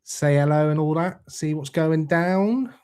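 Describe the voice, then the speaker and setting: A man's voice: a little high, unhurried, a little mellow, clean tone. A young man hosting a casual livestream, greeting viewers by name, laid-back and swearing freely. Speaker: livestream host reading chat. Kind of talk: casual live chat.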